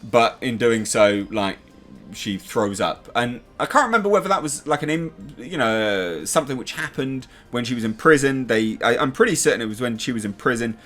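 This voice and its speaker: A man's voice: medium pitch, lively intonation, moderate pace, a bit bright, faint music behind. An English man hosting a TV review channel, talking casually and animatedly, swearing now and then and making sound effects. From England.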